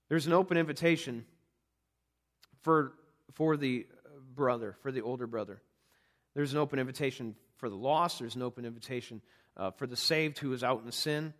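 A man's voice: medium pitch, moderate pace, a bit bright. A man preaching a Sunday evening sermon as pastor, pleading with listeners and often repeating words as he stresses a point. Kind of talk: sermon with altar call.

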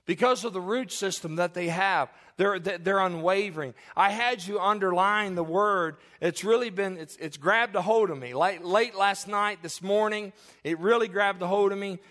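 A man's voice: sits high, normal speed, sharp tone. A man from Kentucky with a Southern accent, preaching a sermon with emphatic repetition and folksy asides. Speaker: pastor.

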